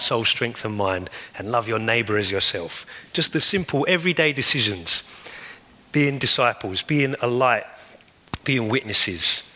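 A pastor delivers an earnest sermon, stacking repeated phrases for emphasis. His voice is bright and forward at a middle pitch. It rings out with a long reverb, as in a large church hall.

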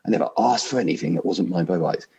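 A man's voice: low voice, quick pace, gravelly, mellow. A man reading aloud and voicing a big, aggrieved male ghost who insists on his rights. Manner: indignant, complaining.

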